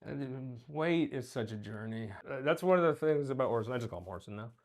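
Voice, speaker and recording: Animated, joking man hosting a chat. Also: mid-range voice, a little fast. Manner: animated, joking, swings between loud and mumbled. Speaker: host. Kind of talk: casual interview chat.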